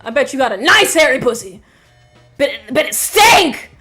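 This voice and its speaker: A woman voicing a crude, leering man who yells catcalls on the street, shouting in a drawl. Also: high voice, big pitch swings, normal speed, soft background music, voice pushed up, full character voice. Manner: yelling, drawling.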